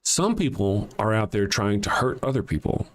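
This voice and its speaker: This older livestream host has a Southern US accent and a lowish voice with big pitch swings, speaking at normal speed. He reads viewer comments aloud on his casual stream, bluntly and profanely, often chuckling.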